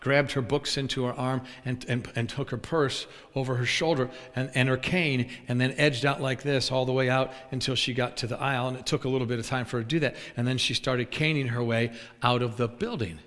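A traveling preacher with a medium-pitched voice delivers a sermon briskly, hardly pausing, in a large church sanctuary with long reverb. He's animated, telling humorous stories, acting out scenes and chuckling at his own tales.

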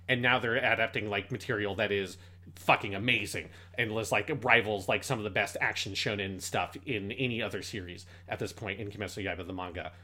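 A man's voice: on the low side, pushed and bright. A man co-hosting a casual podcast about anime, talking enthusiastically with frequent swearing and restarts. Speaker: podcast co-host.

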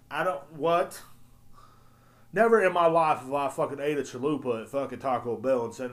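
A man hosting a solo podcast, ranting in a loud, profane, rambling way. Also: medium pitch, a little fast. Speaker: podcast host. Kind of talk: casual solo podcast rant.

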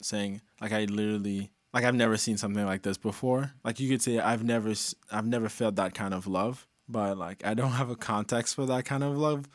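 A man co-hosting a casual chat about a song, relaxed, using lots of "like" and reading lyrics softly. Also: on the low side, brisk, hardly any pauses, dry recording. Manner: relaxed, many "like" fillers, reads lyrics softly. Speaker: co-host discussing a song.

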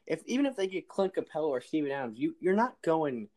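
A man's voice: on the high side, very animated, fast, warm tone. A man talking as a guest in a casual sports chat, giving strong opinions and repeating his points.

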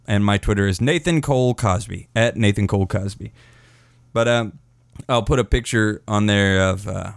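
A man's voice: mid-range voice, a bit bright, no echo, studio quality. A man hosting a podcast, telling a story in a rambling, profane way and often laughing at his own words. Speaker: podcast host. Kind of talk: casual storytelling.

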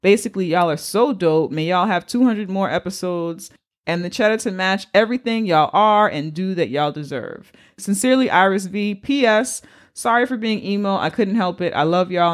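Upbeat Bronx woman reading shout-outs. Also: lowish voice. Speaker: podcast co-host. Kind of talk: casual chat, reading listener messages.

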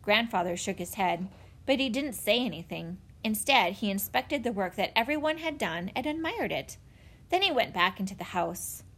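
A woman reading a children's chapter book aloud in an expressive, animated way. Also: mid-range voice, normal speed. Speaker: narrator. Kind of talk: storybook read-aloud.

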